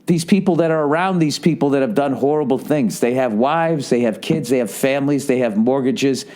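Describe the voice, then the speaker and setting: A man's voice: mid-range voice, fairly quick, mellow. A man telling stories in a casual podcast monologue, rambling and swearing constantly, often checking in with "right?" as he goes. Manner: rambling, profane storytelling with frequent swearing and "right?" asides. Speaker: comedian hosting his podcast.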